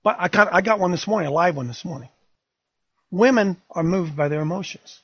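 A man's voice: sits high, brisk, highs cut off, slight background noise. An older man hosting a talk radio show, fiery, emphatic and rambling.

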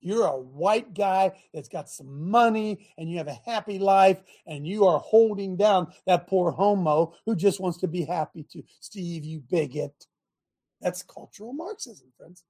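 A man hosting a talk show, preaching and mocking in an animated way and throwing questions at his listeners. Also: high voice, a little slow, breathy edge. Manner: animated, sermonizing, mocking, asks the audience questions.

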